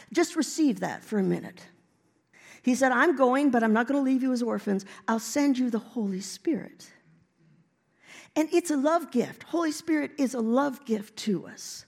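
A woman's voice: high voice, expressive, normal speed, darkish tone. A woman preaching a sermon in a church, building to emphatic declarations. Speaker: guest preacher. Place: church sanctuary.

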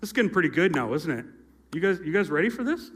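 A man's voice: a little high, sing-song, quick pace, fairly bright tone. A middle-aged man, a youth pastor, telling a story in a sermon from a church stage, with playful asides to his listeners. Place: church stage with a live audience. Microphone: handheld or stage mic with feedback.

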